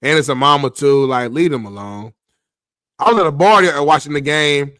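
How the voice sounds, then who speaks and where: A man's voice: fairly high pitch, expressive, normal speed, pushed and bright, dry recording, clean studio sound. A man hosting a sports talk show, telling a story in loose, slangy casual chat. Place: Los Angeles area.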